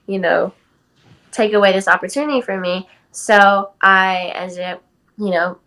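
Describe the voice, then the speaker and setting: A woman's voice: medium pitch, unhurried, a bit bright, poor audio. An eighteen-year-old woman from California, telling a personal story as a podcast guest in a casual way, full of "like" and "um". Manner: chatty, many "like" and "um" fillers. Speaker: guest athlete.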